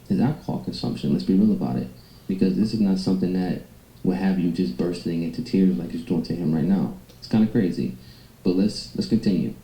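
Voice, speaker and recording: A man's voice: sits low, warm tone, roomy sound, rough recording. A man giving blunt, mocking commentary on clips from a livestream. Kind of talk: reaction commentary on stream clips.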